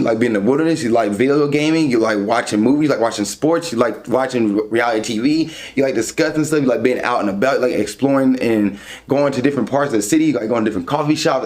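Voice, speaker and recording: A man's voice: medium pitch, darkish tone. Frank, chatty man giving dating advice. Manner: conversational and frank, answering questions one by one. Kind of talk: casual advice talk.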